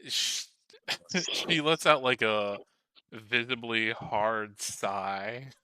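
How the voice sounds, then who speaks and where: A man narrating as game master of a tabletop game, halting, with many fillers as he thinks aloud. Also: mid-range voice, bright, forceful tone, clean tone, dry recording.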